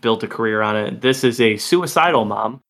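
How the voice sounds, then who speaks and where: A man's voice: mid-range voice, animated, moderate pace, vocal fry, a bit bright. A man co-hosting a casual film podcast, chatty and loose, swearing now and then. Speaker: podcast co-host.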